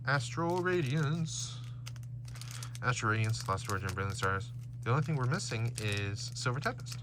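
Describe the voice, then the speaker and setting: A man's voice: fairly low pitch, fast, noisy background. A man casually chatting while opening trading card packs at home, reading out card names and stats. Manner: animated, reads card names and stats aloud.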